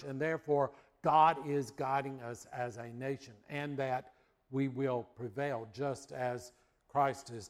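A middle-aged man from the United States preaching a sermon, telling a childhood story in a folksy way. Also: medium pitch. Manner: folksy storytelling, acts out voices and barks.

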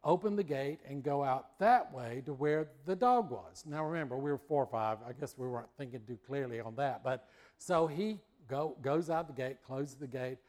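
In a slightly mellow, medium-pitched voice, a middle-aged US man delivers a sermon built around a folksy childhood anecdote. He acts out the voices and barks as he goes.

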